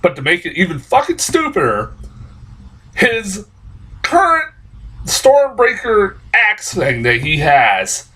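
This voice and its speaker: A young man rants through a movie review with a high, husky voice. His tone swings widely up and down. He curses constantly and trips over restarts as his exasperation builds. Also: huge pitch swings, slow, pauses often, pushed and bright, rough recording. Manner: exasperated profane ranting; rambling with restarts and laughs. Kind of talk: casual spoken review.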